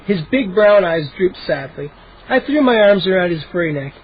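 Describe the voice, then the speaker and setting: A man with a high, husky voice reads a children's chapter book as a cold read, stumbling and restarting now and then. The recording sounds muffled and lo-fi. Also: expressive, normal speed. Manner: reads with occasional slips and restarts. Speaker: audiobook reader. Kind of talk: cold-read storybook narration.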